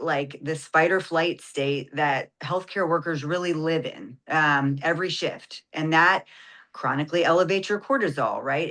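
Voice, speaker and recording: A woman's voice: sits low, a bit bright. A woman, an ER nurse guest, explaining in a radio interview and often adding "right?" and "like".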